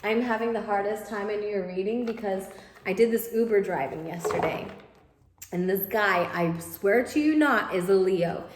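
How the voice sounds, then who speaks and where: A woman talks through a tarot reading in a loose, animated way, circling back over her own phrases. Her voice sits at an ordinary middle pitch. The room gives it a clear echo. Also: moderate pace. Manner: animated, voices imagined thoughts of the listener, repeats phrases. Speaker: tarot reader. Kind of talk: casual spoken tarot reading. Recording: echoey room, faint noise.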